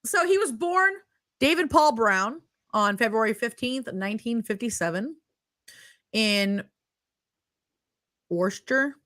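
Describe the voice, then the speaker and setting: Woman, high lively voice, giggly true-crime podcast co-host, dry close sound. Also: a little slow, no room sound. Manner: giggly, bantering, trades jokes. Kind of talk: casual true-crime chat.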